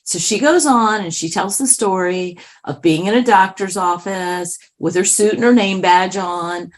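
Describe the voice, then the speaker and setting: A woman author and speaker telling a story in a lively, conversational interview, with asides to her listeners. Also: medium pitch, unhurried.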